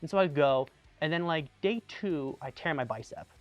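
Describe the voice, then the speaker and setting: A young army veteran from Tucson, Arizona, tells anecdotes casually in an animated, chatty style packed with "like" and restarts. His voice is a little high at a normal speed, with the highs cut off and faint music in the background.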